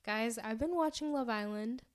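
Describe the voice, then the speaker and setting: Bubbly young woman, higher voice. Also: normal speed. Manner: bubbly, chatty, lots of fillers and laughs. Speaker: podcast co-host. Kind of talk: casual chat.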